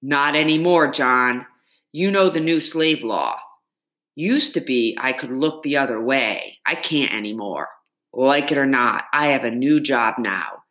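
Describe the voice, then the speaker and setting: A woman's voice: very deep voice, a little slow, a bit bright. A woman voicing a blunt male county constable who talks in clipped, folksy sentences. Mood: warning.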